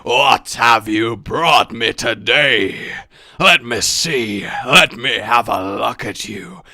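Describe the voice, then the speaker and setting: Man doing a slow threatening villain. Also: mid-range voice, sharp tone, no echo, clean studio sound, pitched below the performer's own voice, exaggerated voice. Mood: menacing. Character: deep, threatening villain man sizing someone up.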